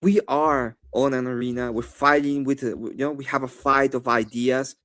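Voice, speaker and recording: A man with a Spanish accent, debating on a live stream in a rambling, animated way with many fillers and restarts. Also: mid-range voice, moderate pace.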